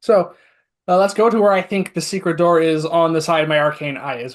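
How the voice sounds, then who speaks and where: During a casual tabletop game, a player with a medium-pitched, steady voice talks through plans fairly quickly and chattily, laughing at their own ideas.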